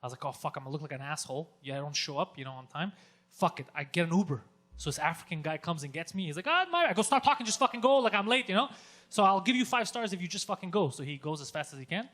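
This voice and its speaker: Excitable high-voiced man telling a story. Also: quick pace. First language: Greek. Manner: profane, excitable storyteller who acts out his own yelling. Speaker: podcast co-host. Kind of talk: storytelling podcast chat.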